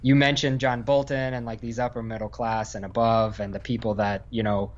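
This man from Northern Virginia, an Army infantry veteran, guests on a podcast and talks in a rambling, casual way with lots of fillers and restarts. His mid-range voice moves little in pitch and runs a little fast. High frequencies are cut off.

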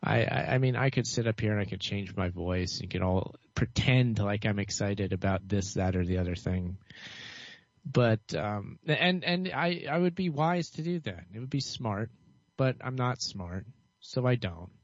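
Low monotone man, muffled dry recording. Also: normal speed, dry recording. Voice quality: monotone, dull tone. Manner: cynical, hesitant with many fillers and restarts. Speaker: vlogger. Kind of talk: rambling solo commentary.

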